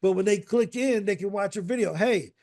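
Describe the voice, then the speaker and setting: A high-voiced man leads a casual online coaching call with lots of energy. He repeats points and keeps checking in with his listeners. He sounds like he is on a video call. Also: a little fast. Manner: energetic, repetitive, fond of rhetorical "right?".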